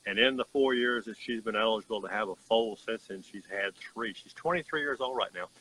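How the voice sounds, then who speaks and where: A man who runs a horse farm telling a story outdoors in an earnest, folksy way with halting restarts, insects chirping behind him. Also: lowish voice, bright, forceful tone, slight background noise, low-quality recording. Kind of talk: casual storytelling testimonial.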